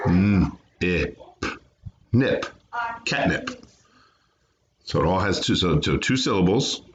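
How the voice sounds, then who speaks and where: A man's voice: low-pitched, fairly bright tone, lo-fi sound, a little hiss or hum. A man teaching a remote phonics lesson to children, patiently sounding out words and syllables. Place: home, away from classroom.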